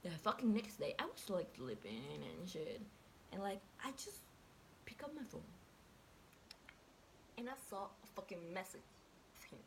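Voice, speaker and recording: A woman's voice: medium pitch, big pitch swings, normal speed, long pauses, background noise. A young woman telling a story casually, chatty and profane, with "like" in every sentence and quotes acted out. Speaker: vlogger.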